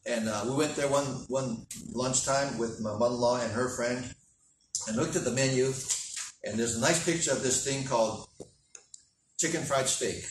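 A man preaches in a relaxed, folksy way, acting out both sides of a conversation. His voice sits at a middle pitch and carries from some distance off the mic. The room is echoey, with faint noise in the background. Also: moderate pace. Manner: folksy anecdotal telling with quoted dialogue. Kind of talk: sermon storytelling.

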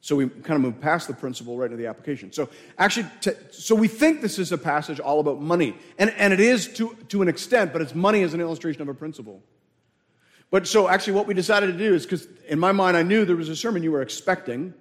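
A man's voice: a little high, animated, quick pace. Emphatic male pastor in an echoing hall. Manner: emphatic, repeats key words, asks the listeners questions. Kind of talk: sermon. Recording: long hall reverb.

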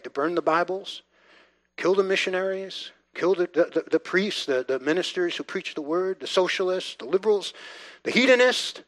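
High-voiced man preaching with dry sound. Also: dry recording. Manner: emphatic, repetitive, swings between quiet and loud. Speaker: pastor. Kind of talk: sermon.

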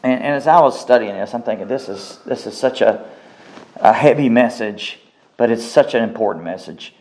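A man's voice: mid-range voice, a little mellow. A man preaching a sermon, emphatic and repetitive, his voice climbing on key phrases before dropping back. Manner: slow, emphatic preaching with rising outbursts and repeated phrases.

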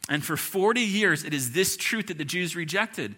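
A pastor delivering a sermon, preaching emphatically with repeated lists and rhetorical questions. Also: male voice, high voice, lively intonation, moderate pace, bright, forceful tone.

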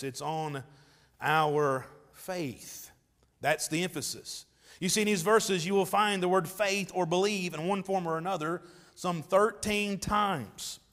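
High-voiced preacher in a reverberant church. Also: male voice, fairly bright tone. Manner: emphatic preaching with swells in volume, reads scripture aloud. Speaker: pastor. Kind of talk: sermon. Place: church sanctuary.

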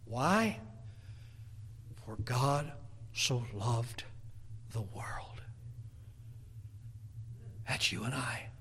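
A man preaching a sermon, reading scripture verses aloud and swinging from loud, emphatic passages to hushed, almost whispered ones. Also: mid-range voice, expressive, drawn-out words, long pauses, slight background noise.

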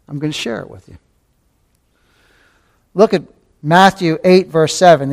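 A pastor with a slightly high, creaky voice preaches slowly, pausing often. He returns to key phrases, asks rhetorical questions, and calls his hearers beloved, his delivery rising to fervent emphasis.

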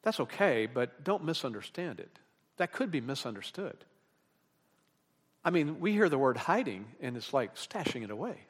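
A pastor in mid-sermon, his voice sitting in an ordinary middle pitch. He preaches with animated emphasis, swelling on key words, then slips into low, offhand asides to the congregation. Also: moderate pace, husky. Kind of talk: expository sermon.

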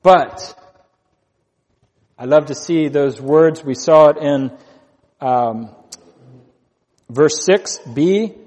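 A man's voice: on the high side, very slow, long pauses, a little mellow, big-room sound. A man preaching a sermon as pastor, earnest, repeating key phrases for emphasis.

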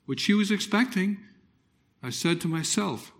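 Man giving a dramatic lively sermon testimony. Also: high-pitched, normal speed, vocal fry. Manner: dramatic storytelling, swings from loud exclamations to hushed near-whispers. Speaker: preacher.

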